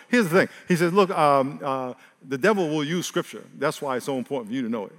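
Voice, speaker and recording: A male pastor preaches in a big reverberant hall, his voice a touch high. He swings from loud, animated exclaiming to quiet, hushed stretches. He keeps it casual with jokes and frequent laughs. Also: fast. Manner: laughs often, casual humorous asides. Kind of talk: sermon.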